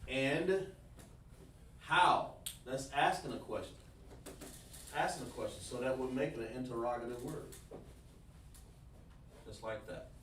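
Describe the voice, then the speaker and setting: Slow-talking man teaching a livestream lesson. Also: medium pitch, a bit bright. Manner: slow, repetitive explaining, addresses the chat. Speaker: language teacher. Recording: roomy, mic at a distance, faint noise.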